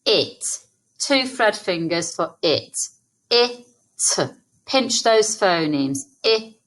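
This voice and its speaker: An English woman teaching a phonics lesson to young children, sounding out words slowly and encouragingly. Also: fairly low pitch, sing-song. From England. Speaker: primary school teacher.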